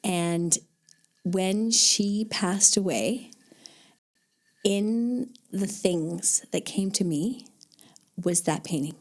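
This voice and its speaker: A woman's voice: mid-range voice, extremely slow, long pauses. A woman artist and teacher chatting as a guest in a casual conversation, upbeat and easygoing. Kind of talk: casual chat.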